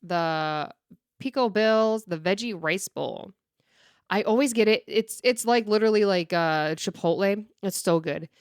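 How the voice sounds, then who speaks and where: A woman co-hosting a podcast, chatting casually and telling lively stories with laughs and loud outbursts. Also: mid-range voice, unhurried, clear, resonant tone, no echo, studio quality. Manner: animated storyteller, loud and laughing. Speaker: podcast co-host. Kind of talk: casual chat.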